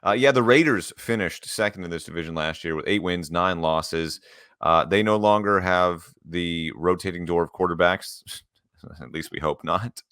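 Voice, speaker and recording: A man hosting a sports podcast in casual chat, laid-back, running through lists with quick quips. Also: low voice, fairly bright tone, clear, resonant tone, no room sound, studio quality. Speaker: podcast host.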